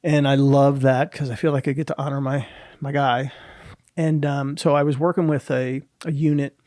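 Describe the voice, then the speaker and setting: A middle-aged man speaking as an interview guest, moving through an emotional personal story in halting phrases with frequent restarts. His voice sits at an ordinary pitch, and the recording is close and dry with no room sound. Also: flat delivery, a little mellow, dry recording. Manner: halting, searching for words, many restarts.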